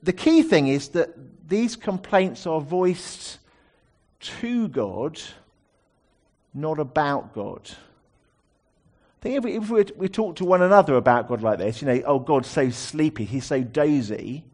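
A man's voice: a little high, very animated, slow pace. A man preaching a sermon, explaining a psalm in a conversational teaching manner with rhetorical asides.

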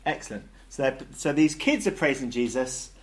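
A man leads an interactive Bible study, keeping it lively and jokey as he puts questions to the group. His mid-range voice moves at a moderate pace.

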